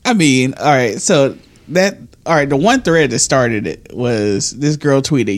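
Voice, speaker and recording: A man in his thirties co-hosting a casual, explicit podcast, telling stories with lively energy, reading texts aloud and laughing often. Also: medium pitch, unhurried. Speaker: podcast co-host.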